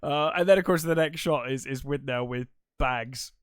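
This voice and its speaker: A man's voice: mid-range voice, moderate pace, clear, resonant tone, dry recording. Man recapping a film in a dry room. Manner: relaxed recap, filler-heavy, chuckling. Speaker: podcast co-host. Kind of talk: casual film chat.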